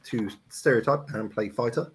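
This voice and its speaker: A man's voice: mid-range voice, moderate pace, crowd noise. Wry, mock-formal man on a stream. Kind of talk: casual live stream chat.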